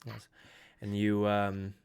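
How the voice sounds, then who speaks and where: A man's voice: on the low side, completely flat delivery, slow, gravelly, darkish tone, smooth. A man narrating as game master of a tabletop role-playing game, in a thoughtful, hesitant way.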